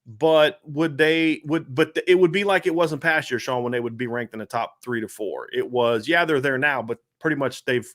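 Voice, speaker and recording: A man's voice: mid-range voice, moderate pace, few pauses, fairly bright tone. Chatty man hosting a sports podcast. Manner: chatty, rambling with filler words. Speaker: podcast host. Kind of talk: casual sports talk show.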